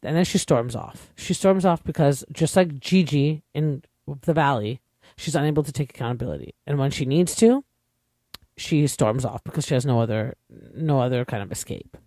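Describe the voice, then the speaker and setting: A man's voice: on the high side, animated, normal speed, mellow, no echo, studio quality. A young man from Canada, an opinionated podcast host chatting casually through a reality TV recap with lots of fillers.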